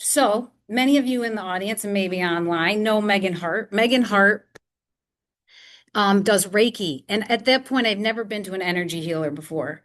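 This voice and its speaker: A woman speaks to an audience in a library, telling her own story. She acts out the quoted voices as she goes, and her pitch sits in a middle range. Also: normal speed, fairly bright tone. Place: public library talk before a live audience.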